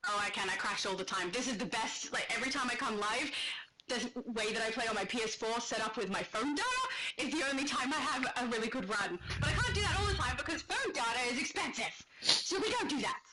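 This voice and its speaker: A woman's voice: a little high, lively intonation, fast, background noise. A woman co-hosting a casual gaming livestream, chatty and laughing often as she reads chat aloud. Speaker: livestream co-host. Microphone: home streaming microphone.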